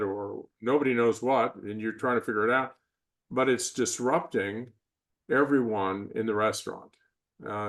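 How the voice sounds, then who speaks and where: An older man speaking as a podcast interview guest, reflective and measured, sometimes acting out the voices he describes. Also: on the low side, fairly bright tone. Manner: reflective, measured, acts out inner and parental voices. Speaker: guest, performance psychologist. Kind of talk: conversational interview.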